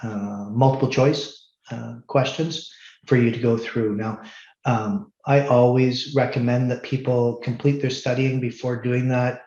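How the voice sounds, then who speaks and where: A man's voice: medium pitch, little pitch movement, a little slow, a little mellow. A middle-aged man, a university instructor holding office hours, talking bluntly and firmly with many ums and restarts. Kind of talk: online office hours talk to students. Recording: roomy, slightly dull sound.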